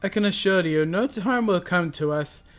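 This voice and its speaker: Streamer guy with a high voice reading game dialogue in earnest. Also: animated, normal speed, faint music behind. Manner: earnest reading with stumbles on names.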